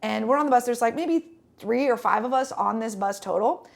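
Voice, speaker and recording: A woman's voice: fairly high pitch, a little fast, vocal fry. A young woman telling a rambling travel story on a casual podcast, with lots of fillers and restarts. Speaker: podcast co-host.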